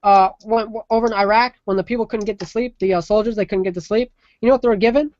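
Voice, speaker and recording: A woman's voice: mid-range voice, fairly even intonation, quick pace, a little mellow, no room sound, lo-fi sound. A woman hosting a casual call-in talk show, talking emphatically and rambling with many restarts. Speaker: podcast host. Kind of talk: casual opinion chat.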